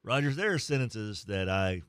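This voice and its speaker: A man's voice: lowish voice, animated, normal speed, fairly bright tone, clean tone, dry recording, studio quality. A man, hosting a radio show with joking banter and sponsor reads. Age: 60s. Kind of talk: casual sports radio banter with live ad reads.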